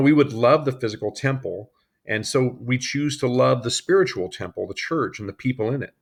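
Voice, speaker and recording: A man's voice: medium pitch, gravelly, slightly rough. A man delivering an earnest sermon to a congregation, telling personal stories and reading scripture. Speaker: preacher.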